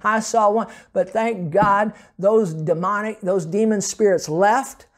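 A pastor preaches a sermon in a high voice at a slow pace, telling personal testimony stories. His storytelling is emphatic, with occasional laughter between points.

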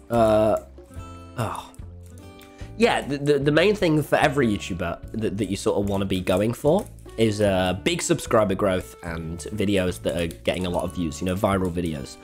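Excitable young man streaming games. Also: on the low side, brisk, soft background music. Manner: excitable, swears freely, jumps between game and chat. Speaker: game streamer. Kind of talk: live-stream chat while playing.

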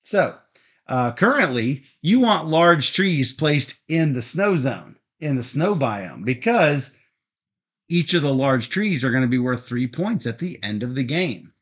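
A man's voice: medium pitch, measured pace. A man explaining the rules of a board game step by step, in a methodical way with frequent ums and uhs. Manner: steady, methodical, frequent fillers.

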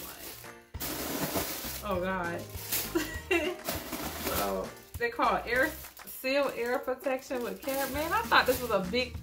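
A fairly high-pitched young woman vlogs from home in her pajamas, chatty and excitable and calling her viewers y'all. Her voice bounces around a roomy, echoing space while music plays clearly in the background. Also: slow pace, long pauses. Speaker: vlogger. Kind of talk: casual unboxing vlog. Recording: echoey room with loud music behind.

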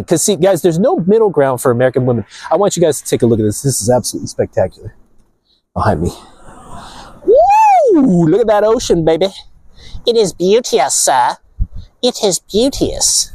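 Man, husky voice, bouncy lively pitch, preachy vlog rant outdoors by the sea. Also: no room sound, poor audio. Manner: animated, preachy, addresses viewers as gentlemen. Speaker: vlogger. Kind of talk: casual outdoor rant to camera. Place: outdoors near the ocean.

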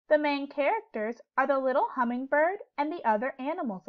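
Gentle teacher reading to young children. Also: female voice, high-pitched, animated, fairly quick, few pauses, phone-quality sound. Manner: clear, gentle teacherly questioning. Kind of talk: read-aloud lesson for young children.

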